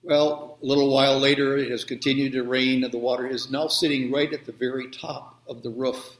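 A male pastor giving a gentle, unhurried children's sermon and prayer over a video call. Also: medium pitch, flat delivery. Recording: roomy echo.

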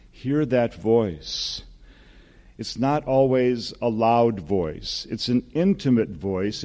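A man in his sixties, a pastor preaching a gentle, earnest sermon. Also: lowish voice. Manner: slow, gentle, earnest preaching with soft spoken quotes.

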